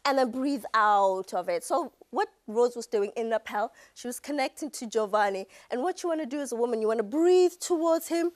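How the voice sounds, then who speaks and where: High-voiced enthusiastic woman dance expert. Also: a little fast, hardly any pauses. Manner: enthusiastic, explains with demonstrations. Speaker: dance pro analysing a show. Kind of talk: animated TV studio analysis.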